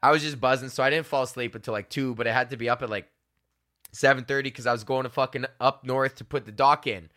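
A man's voice: mid-range voice, steady tone, fast, pushed and bright. A young man hosting a podcast, telling casual stories in a loose, profane, filler-heavy way. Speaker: podcast host. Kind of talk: casual rambling monologue.

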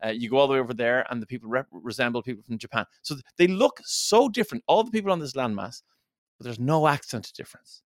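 A man's voice: mid-range voice, lively intonation, fast talker, dry recording, clean studio sound. Chatty rambling man on a podcast. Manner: rambling, chatty storytelling with playful mock voices. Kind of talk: casual podcast chat.

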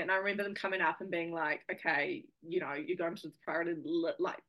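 A woman's voice: lowish voice, fairly even intonation, a little fast, few pauses. A young woman with a New Zealand accent, a guest chatting casually in an interview, full of fillers and laughs.

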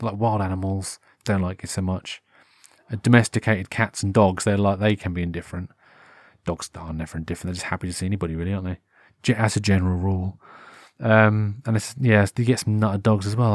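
A man's voice: on the low side, dry recording. Rambling British man, dry close mic. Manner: rambling, self-correcting, breaks into animated put-on voices. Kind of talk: unscripted solo monologue. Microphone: headphones with a wired mic.

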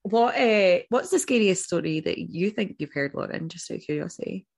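Low-voiced Scottish woman, wry. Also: animated, moderate pace, gravelly, a little mellow, husky, no room sound, clean studio sound. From Scotland. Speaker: podcast co-host. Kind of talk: casual chat.

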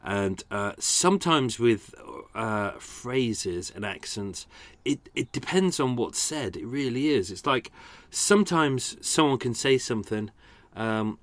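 A male podcast host talking casually about his own work, rambling and poking fun at himself with plenty of chuckles. His voice sits in a middle pitch and the recording is dry and close. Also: expressive, takes it slowly, a bit bright, dry recording. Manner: rambling, self-deprecating, laughing often. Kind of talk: casual commentary. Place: home by a canal.

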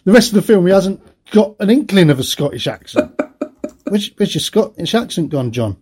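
A man's voice: sits high, big pitch swings, normal speed, darkish tone, slightly rough. A middle-aged man co-hosting a podcast, chatting about films in a rambling, anecdotal way and laughing often. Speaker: podcast co-host. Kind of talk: casual film chat.

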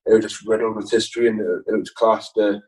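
A man's voice: lowish voice, little pitch movement, quick pace, darkish tone, far from the mic, poor audio. A man talking as a footballer guest in a casual interview, rambling and laughing with many restarts.

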